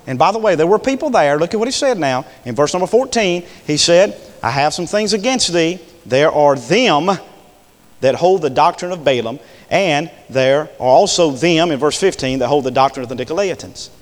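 A man preaching a fiery sermon, swinging between shouted peaks and quiet drops. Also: fairly high pitch, lively intonation, a little fast. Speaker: pastor. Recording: long echo in a church hall.

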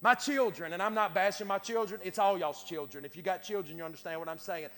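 High-voiced preacher in a hall. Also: male voice, fast, a bit bright. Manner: repetitive stammering restarts, rising to a preacher's cadence. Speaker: pastor. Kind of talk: sermon. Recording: long hall reverb.

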